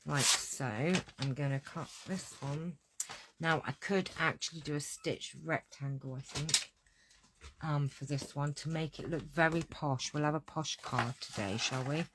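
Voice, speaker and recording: A woman teaches a hands-on card-making tutorial, chatty and scatterbrained, talking to herself as she works. Her voice is low and her pace measured, with background noise in the recording.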